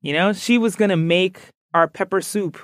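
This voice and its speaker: A woman from Ghana, a podcast guest, chatting in an animated, playful way and laughing often. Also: on the low side, normal speed, no echo, clean studio sound. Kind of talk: casual interview chat.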